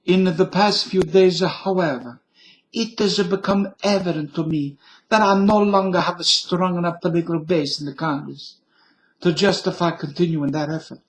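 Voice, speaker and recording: A man reading a formal resignation speech in a put-on Italian accent, slow and stately. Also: high voice, steady tone. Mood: solemn.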